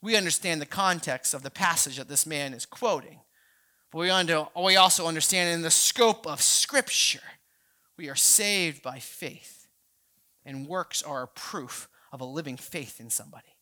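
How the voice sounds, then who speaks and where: A woman pastor preaching a sermon in a conversational way, often restarting her sentences and building up to shouted passages. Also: low-pitched, lively intonation, normal speed. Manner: frequent restarts and repeated words.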